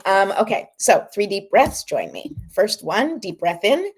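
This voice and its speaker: A woman's voice: medium pitch, sing-song, a little slow, vocal fry, husky. A woman hosting a casual livestream, chatting with viewers and leading a guided breathing ritual in an encouraging way. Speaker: host.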